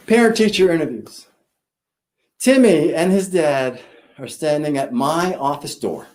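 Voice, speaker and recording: Man, school principal, storytelling speech; somewhat high, very animated pitch, dramatic pauses.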